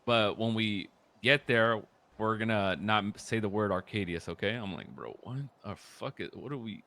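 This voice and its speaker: A young man casually recounting a roleplay story, profane and animated, dropping into low mutters when quoting people. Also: moderate pace. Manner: profane, animated, quotes others in muttered voices.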